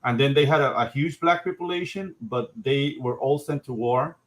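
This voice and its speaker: A man co-hosting a podcast in casual chat, excitable and peppering his talk with "dude". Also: medium pitch, normal speed, slight background noise, rough recording. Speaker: podcast co-host.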